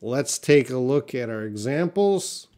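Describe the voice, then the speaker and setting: A man's voice: medium pitch, lively intonation, a little slow, mellow. A man teaching English in a live lesson, explaining words patiently and reading viewers' comments.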